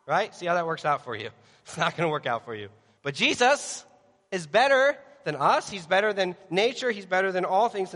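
A man with a high voice preaches to a congregation. His words ring out with a long reverb from the big hall around him. He is animated, acts out little voices of worried people, and keeps putting direct questions to the crowd. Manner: asks the audience direct questions. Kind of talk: sermon.

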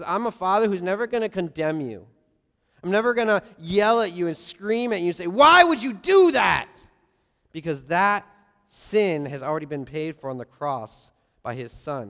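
A man preaching a sermon, earnest, swinging between loud emphasis and soft, quiet lines. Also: high-pitched, fairly quick. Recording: long reverb of a large hall.

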